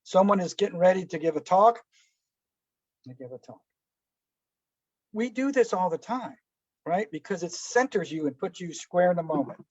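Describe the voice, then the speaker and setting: A man with a fairly high voice leads a relaxed lesson on breathing and letting go. He talks conversationally, tosses out rhetorical questions and acts out small stories with quick character voices. The recording is dry and somewhat dull. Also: no room sound. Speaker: meditation teacher. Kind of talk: relaxed spoken teaching talk.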